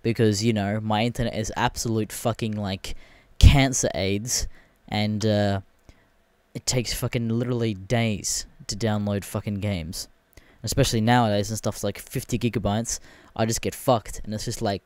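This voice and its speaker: A man's voice: medium pitch, fairly quick, a little mellow, clean tone, no room sound. A man, hosting a podcast alone and ranting in a casual, profane, exasperated way. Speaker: podcast host. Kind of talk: casual solo rant.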